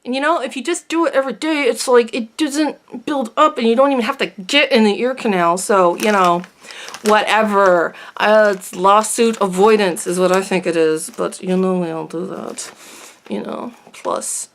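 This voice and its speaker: A woman's voice: mid-range voice, moderate pace, slight background noise. A woman beauty vlogger chatting casually to camera at home, rambling and self-deprecating.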